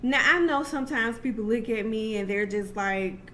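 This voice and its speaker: A woman's voice: a little high, fairly even intonation, moderate pace, few pauses, pushed and bright, slight background noise. A young adult woman telling a personal story to camera in a casual, chatty way, full of asides and restarts. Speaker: vlogger.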